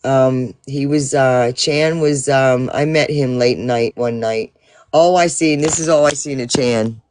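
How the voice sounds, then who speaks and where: A man's voice: medium pitch, a little slow, a little mellow, clear, resonant tone. A man telling a rambling, profane story to his livestream audience in a casual way, full of fillers and restarts. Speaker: livestream host.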